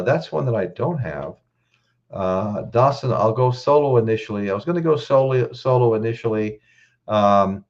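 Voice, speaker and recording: A man's voice: lowish voice, darkish tone, muffled recording. A man hosting a casual live stream, choked up, greeting viewers in the chat by name and often restarting his sentences.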